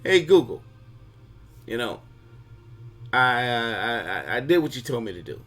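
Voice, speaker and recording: A man's voice: medium pitch, very animated, unhurried, fairly bright tone, faint music behind. A man voicing an eager small-time man who pleads hesitantly for a favor. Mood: grateful.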